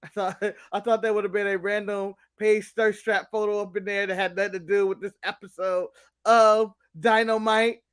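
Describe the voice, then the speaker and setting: High-voiced joking American man. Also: little pitch movement, normal speed, a bit bright, clean tone. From United States. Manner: joking, rambling, apologetic asides. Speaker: co-host. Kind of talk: casual podcast chat.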